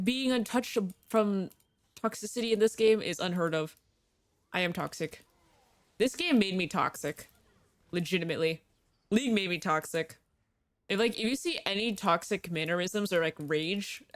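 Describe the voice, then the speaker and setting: A woman's voice: mid-range voice, no room sound. A young woman livestreaming a game, chatting in a bubbly way with viewers and reacting aloud to the play. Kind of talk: casual gaming stream chat.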